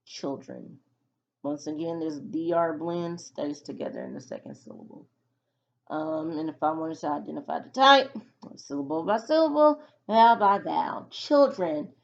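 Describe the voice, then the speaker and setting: A woman's voice: low-pitched, sing-song, moderate pace, gravelly, highs cut off. A woman teaching a phonics lesson to children, patiently sounding out letters and syllables one by one.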